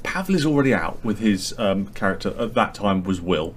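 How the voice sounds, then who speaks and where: A man telling a lively anecdote as a podcast guest, acting out his friends' lines. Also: lowish voice, a little fast, a little hiss or hum. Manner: animated storyteller, acts out friends' lines.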